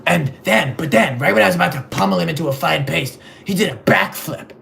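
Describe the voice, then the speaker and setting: A man playing a vain, clueless rich male superhero in a comedic livestream sketch, rambling in a deadpan, gravelly voice. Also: fairly high pitch, a little fast, slight background noise, exaggerated voice. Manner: rambling, deadpan, self-absorbed.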